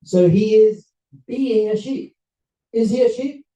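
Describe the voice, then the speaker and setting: A man with a somewhat high but very dark, mellow voice lectures to a seminar crowd, telling a story with lively acted-out voices. He sounds some distance from the mic, in a roomy, echoing hall. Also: slow pace. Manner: animated, acts out characters with voices and laughs. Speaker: rabbi giving a seminar talk.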